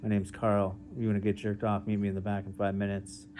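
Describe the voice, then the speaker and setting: A man voicing a laid-back male weed shop clerk in a casual, flat stand-up anecdote. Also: on the low side, fairly quick, a little hiss or hum, close to an everyday voice.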